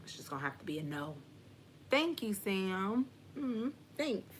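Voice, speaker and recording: A woman's voice: medium pitch, sing-song, unhurried, slight background noise. A young adult woman hosting a live question-and-answer stream, talking candidly and casually, full of slang and "like". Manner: candid and chatty, with frequent "like" and slang. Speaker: host of a live Q&A.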